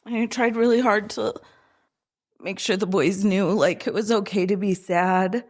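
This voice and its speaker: A woman guest on a podcast, telling family stories in an unhurried, gentle way with soft laughter between thoughts. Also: mid-range voice, steady tone. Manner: unhurried, often laughing softly while remembering. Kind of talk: casual interview storytelling.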